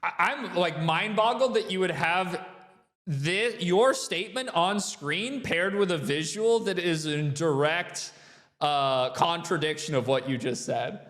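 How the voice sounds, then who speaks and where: A man's voice: high-pitched, unhurried, fairly bright tone, reverberant, long reverb tail. A man hosting a reaction show, exasperated and incredulous, swearing and laughing as he picks apart a referee's calls. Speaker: host reacting to a skate video. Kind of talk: reaction commentary.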